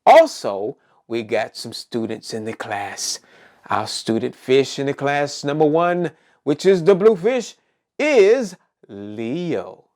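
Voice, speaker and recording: A man's voice: medium pitch, big pitch swings, slow, darkish tone. A man hosting a preschool circle time lesson, cheerfully asking young children and puppets questions.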